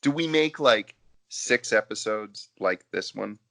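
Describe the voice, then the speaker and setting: Low-ish bright voice, guy rambling over drinks, pitch bouncing all over. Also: unhurried, creaky. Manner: animated, rambling, with many fillers and restarts. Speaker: podcast co-host. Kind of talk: casual chat over drinks.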